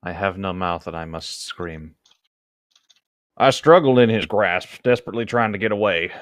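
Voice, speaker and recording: A man's voice: deep voice, moderate pace, a bit bright, dry recording, studio quality. A man co-hosting a comedy podcast, reading a fanfiction aloud and breaking off to laugh and comment. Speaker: podcast co-host.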